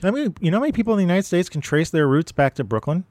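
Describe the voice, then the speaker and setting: A man's voice: high voice, sing-song, very fast, darkish tone, dry recording, clean studio sound. A man from Manhattan, co-hosting a casual podcast in a jokey, easygoing way. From Manhattan, New York. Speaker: podcast co-host.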